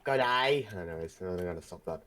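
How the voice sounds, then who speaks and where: Deep-voiced, teasing man on voice chat. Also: animated, normal speed. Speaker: fellow player on voice chat. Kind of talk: casual voice chat.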